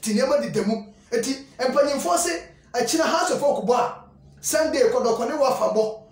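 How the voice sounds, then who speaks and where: A man's voice: very high voice, brisk. Guy doing a casual football show, repeats stuff a lot, really echoey room, sounds far from the mic. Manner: animated, repeats phrases, mixes in English. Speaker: sports show host.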